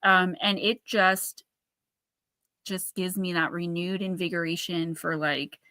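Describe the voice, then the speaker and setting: A woman hosting a live chat show, retelling a ghost story in a lively, animated way and acting out the quoted voices. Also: fairly low pitch, slow, no room sound, clean studio sound. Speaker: host.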